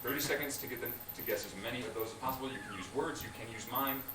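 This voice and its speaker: A man hosting a live game show, animated and brisk, often laughing between announcements, heard from across a room. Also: medium pitch. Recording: roomy hall from far off, loud noise.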